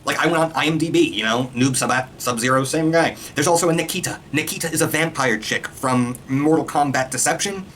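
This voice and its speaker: Excitable, foul-mouthed man ranting. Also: on the high side, slight background noise. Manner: excitable, profane, rapid-fire ranting. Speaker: video reviewer. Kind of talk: casual rant.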